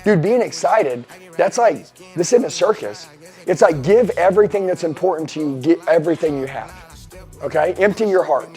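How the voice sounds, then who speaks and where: Intense cursing coach guy pumping up a seminar crowd, kinda high voice, soft music behind. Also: expressive, normal speed. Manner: profane, intense, swinging between shouting and hushed asides. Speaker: sales coach addressing a mastermind group. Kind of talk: motivational seminar talk. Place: seminar room.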